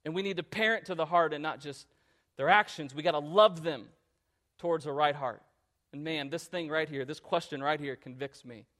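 A man in his thirties preaching a sermon in an earnest, conversational way that climbs to loud emphatic passages. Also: fairly high pitch, moderate pace. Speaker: pastor.

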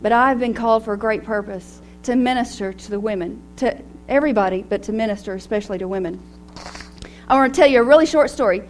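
A middle-aged woman speaking to a women's gathering in a personal, animated way, laughing often as she talks. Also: a little high, fast, soft background music. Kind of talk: devotional talk to women.

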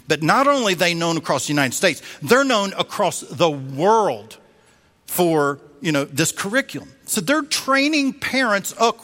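A man preaching a sermon as a pastor, telling a story in an animated way and acting out the voices he quotes. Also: fairly high pitch. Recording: long reverb of a large hall.

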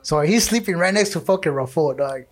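A man's voice: fairly high pitch, expressive, a little fast. A young man hosting a podcast, telling crude party stories full of profanity and slang, laughing often. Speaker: podcast host. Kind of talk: casual storytelling chat.

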